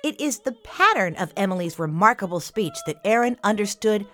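A woman's voice: medium pitch, big pitch swings, brisk, fairly bright tone. A woman hosting a children's classical music podcast, explaining things simply and cheerfully to young listeners. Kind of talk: scripted kids' podcast narration.

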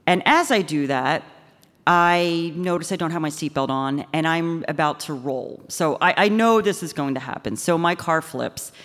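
A woman telling a lively, self-mocking first-person story on a live stage, often slipping into voices for the people in it. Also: sits low. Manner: animated, self-mocking, quick shifts into quoted voices. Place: live stage in front of an audience. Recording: stage mic with long hall reverb.

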